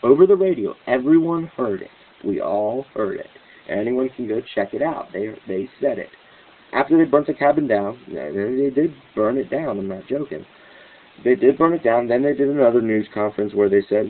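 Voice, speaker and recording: A man giving a rambling, excitable commentary monologue as host of his own news channel, with restarts and cynical laughs. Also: mid-range voice, moderate pace. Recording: tinny phone-like line.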